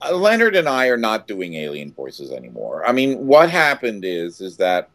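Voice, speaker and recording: An older man tells a story as an interview guest, his lowish voice swinging widely in pitch as he stumbles through restarts. He breaks into loud, acted exclamations now and then. The recording is dry and close. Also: wildly swooping pitch, normal speed, dry recording.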